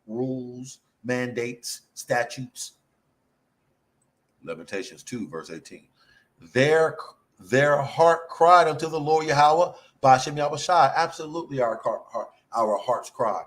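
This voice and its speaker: Brief: passionate male scripture teacher, higher pitch, emphatic repetitions, list-driven delivery. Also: a bit bright. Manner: impassioned, repeats and slows words for emphasis, lists. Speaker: preacher.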